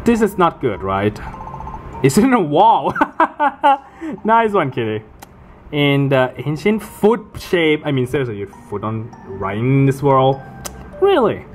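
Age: adult. Sex: male. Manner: exasperated, swearing. Pitch: very lively. Role: gamer commenting on play. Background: faint game music. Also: slow. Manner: exasperated, swears and exclaims often. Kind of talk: casual gameplay commentary.

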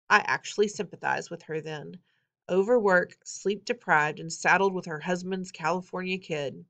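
A woman reading a novel aloud in an expressive, wry first-person storytelling manner. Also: fairly low pitch, normal speed. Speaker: audiobook reader.

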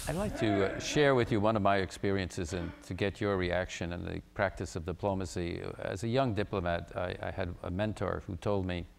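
An older man moderating a panel conversation, formal and measured with frequent hesitations. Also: sits low, gravelly, in a large hall. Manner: measured, formal, with many uhs. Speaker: moderator, former ambassador.

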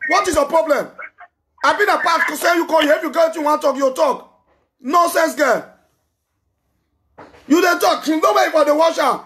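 A man with a Nigerian Pidgin English accent hosting a live call-in show, loud, scolding and repetitive. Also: extremely high pitch, normal speed, long pauses, a little hiss or hum. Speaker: talk show host taking calls.

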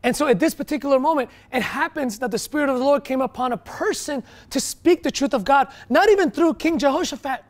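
A male pastor preaching a sermon, swinging from quiet, low stretches to loud, emphatic bursts, with frequent restarts. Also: animated, brisk, hardly any pauses.

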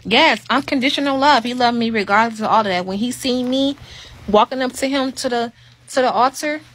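A woman's voice: a little high, a little fast, fairly bright tone. A woman hosting a live stream, talking in a casual, opinionated monologue that is emphatic and preachy, with rising exclamations.

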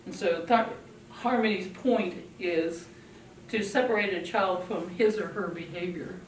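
A woman leads a parenting workshop before a live audience, lively and acting out little scenes as she talks. Her voice fills a roomy, echoing space and reaches a mic set some way off, with a faint hum of noise behind her. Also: on the low side, unhurried. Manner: animated, acts out scenes with a puppet. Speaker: parenting speaker. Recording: echoey room from a distant mic.

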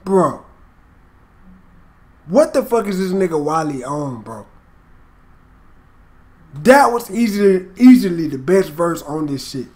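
A man hosting a casual reaction video, excitable and hyped, swearing a lot as he comments. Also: on the high side, slow pace, long pauses.

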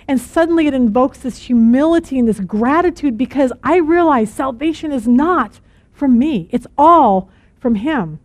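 A middle-aged woman teaching a Bible study, earnest and animated, telling stories and acting out quotes. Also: high voice, moderate pace, no echo.

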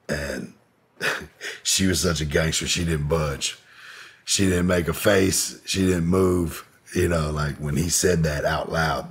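Deep raspy dude, talking frank and swearing a lot, lots of ums, very low voice. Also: male voice. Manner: candid, profane, many fillers. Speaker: guest. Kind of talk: casual storytelling.

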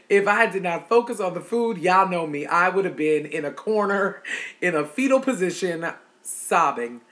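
A middle-aged woman vlogging in a casual, heartfelt chat to her viewers, calling them y'all. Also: deep voice.

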